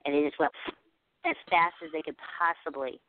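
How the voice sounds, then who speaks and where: A woman's voice: sits low, a little fast, no echo. Woman telling a story over a tinny phone line. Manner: animated, acts out quoted dialogue. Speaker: guest telling an encounter story. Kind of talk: casual storytelling on a radio show.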